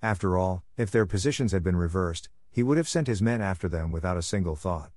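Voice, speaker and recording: A man narrating a fantasy novel in an even, measured storytelling manner. His voice sits very deep, and the recording is dry and close, with no room sound. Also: no echo. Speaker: audiobook narrator. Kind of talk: scripted narration.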